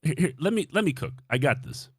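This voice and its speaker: Young man, casual storytelling, swears a lot, very lively pitch, dry close sound. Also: fast, slightly rough, no room sound. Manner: animated, swearing, acts out his own reactions. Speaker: guest telling a dating story.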